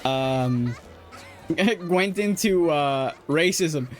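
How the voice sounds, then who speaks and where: A man's voice: a little high, animated, very slow, faint music behind. A young man with an Irish accent chatting casually while streaming a game, rambling with lots of fillers, restarts and laughs. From Ireland. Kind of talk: casual chat while gaming.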